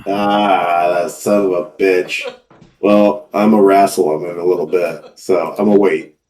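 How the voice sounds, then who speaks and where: A man's voice: deep voice, little pitch movement, a little slow, a little mellow. A man playing a tabletop game, casual and a bit hesitant as he works out his turn. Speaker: player.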